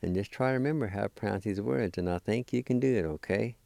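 A man teaching a language lesson, spelling and pronouncing words syllable by syllable in a deliberate, patient way. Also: lowish voice, gravelly, darkish tone, no echo.

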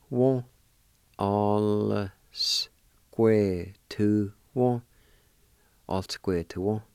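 A man hosting a language lesson, patiently spelling out words letter by letter and pronouncing each one slowly. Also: fairly low pitch, mellow, clear, resonant tone, dry recording, studio quality. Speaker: language teacher and radio host. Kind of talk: slow spelling and pronunciation lesson.

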